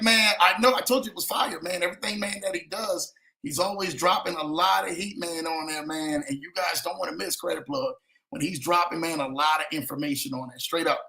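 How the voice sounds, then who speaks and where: A man hosting a casual livestream, reading viewer comments and talking in animated, slangy speech, often calling himself by name. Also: sits high, fairly quick, creaky. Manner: animated, slangy, speaks of himself in third person. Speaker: livestream host. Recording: echoey room.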